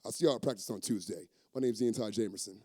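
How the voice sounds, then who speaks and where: A man's voice: fast, heavy background noise. A man doing stand-up comedy, acting out characters with big jumps in his voice. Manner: animated, acts out characters with big pitch jumps. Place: comedy stage in a venue.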